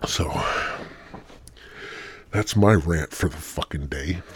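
A man's voice: a bass voice, takes it slowly, a little hiss or hum. A man hosting his own podcast, rambling through a casual rant full of swearing and sardonic jokes. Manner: sardonic, joking asides. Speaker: podcast host.

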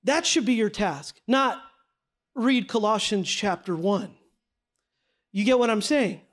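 A man teaching a Bible study class from slides, energetic and conversational, asking the group questions. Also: high voice, takes it slowly, pauses often.

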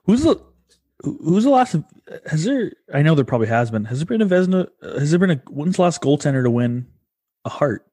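Young male podcast co-host, husky and lively in pitch, crude joker, dry close sound. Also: brisk, dry recording. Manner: crude, joking, swears a lot. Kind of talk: casual chat.

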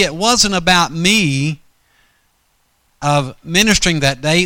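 A man's voice: high voice, sharp tone, no echo. A man preaching a storytelling sermon in a folksy, rambling way, often correcting himself mid-sentence.

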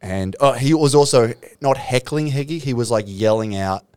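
A man's voice: mid-range voice, normal speed, a little mellow, clean tone, dry recording. A man in a casual podcast chat, telling a gig story and acting out quotes. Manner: chatty, asks questions, acts out quotes.

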